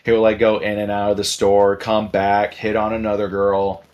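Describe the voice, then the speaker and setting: A man telling a story in casual podcast chat, animated and profane, acting out the people he quotes. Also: on the low side, normal speed, highs cut off. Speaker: podcast host.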